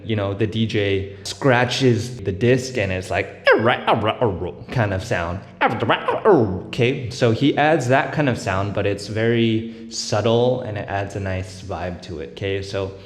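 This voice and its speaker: A man with a somewhat low voice walks through a beatboxing lesson in a relaxed, step-by-step way. He fills his talk with "um" and "right?" and breaks into short vocal sound demos. The room is echoey, with a long reverb tail behind every phrase. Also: takes it slowly. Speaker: beatbox tutor. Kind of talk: casual tutorial explanation.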